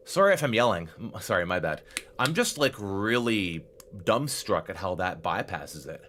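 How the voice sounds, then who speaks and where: A young man streaming a game live, chatting with his viewers and swinging from low muttering to excited exclamations. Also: normal speed, slight background noise.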